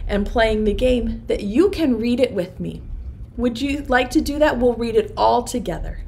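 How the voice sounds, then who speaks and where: A woman preschool teacher leading an online circle time lesson, talking in a slow, sing-song and encouraging way with bright gasps and stretched words. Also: a little high, creaky, a little hiss or hum.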